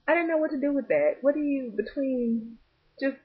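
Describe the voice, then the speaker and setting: A woman's voice: fairly high pitch, expressive, moderate pace, slightly rough. Giggly young woman on tinny audio. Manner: giggly and rambling. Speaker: vlogger. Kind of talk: casual late-night storytelling.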